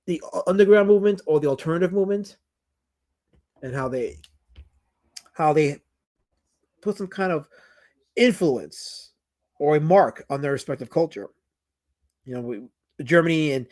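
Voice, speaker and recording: A man hosting a casual livestream, reading out chat comments and rambling with many restarts and fillers. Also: on the high side.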